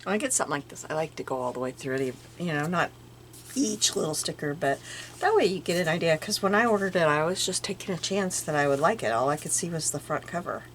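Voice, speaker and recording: An older woman chatting casually at home as she shows off her craft finds, musing aloud and sometimes dropping into soft murmurs. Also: low-pitched, lively intonation, fast talker. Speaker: crafting vlogger. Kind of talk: casual show-and-tell chat. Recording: audible background noise.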